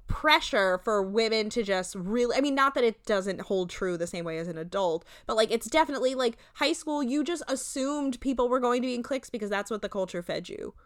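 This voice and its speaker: A woman's voice: fairly high pitch, animated, fairly quick, hardly any pauses, no echo, clean studio sound. A young woman co-hosting a casual podcast, recapping a reality show with lots of fillers and voiced-out quotes. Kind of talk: casual chat.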